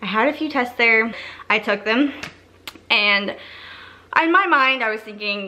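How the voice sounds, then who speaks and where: A woman's voice: fairly high pitch, unhurried, pauses often, sharp tone. A young woman telling a personal story in a casual, chatty way, full of "like" fillers and acted-out quotes. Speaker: vlogger.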